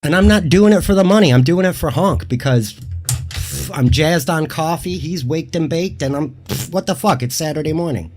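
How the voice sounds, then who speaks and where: A man's voice: fairly high pitch, normal speed, darkish tone. A man appearing as a guest on a casual livestream, combative, sarcastic and profane.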